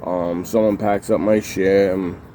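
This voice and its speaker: A man's voice: deep voice, flat delivery, measured pace, dark tone, a little hiss or hum. Heated, profane man telling a prison story. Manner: heated, profane, repeats himself, acts out quotes. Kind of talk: casual storytelling to camera.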